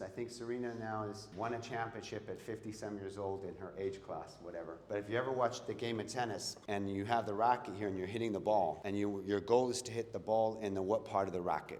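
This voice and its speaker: A middle-aged motivational speaker with a lowish, somewhat dark voice gives an emphatic live seminar talk, firing questions at his audience. He's in an event hall with long, echoey reverb and slight background noise.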